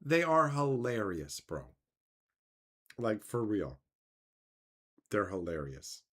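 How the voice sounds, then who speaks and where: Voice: medium pitch, sing-song, takes it slowly, fairly bright tone. A streamer reacting to chat in casual talk, sarcastic and mocking, swearing often and laughing between remarks. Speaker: streamer reading chat aloud.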